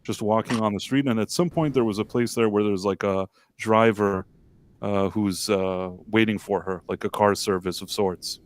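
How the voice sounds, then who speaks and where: A man's voice: on the low side, steady tone, moderate pace, no echo. A man co-hosting a live stream, telling a story casually in a rambling, self-deprecating way with many fillers and restarts. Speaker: livestream co-host.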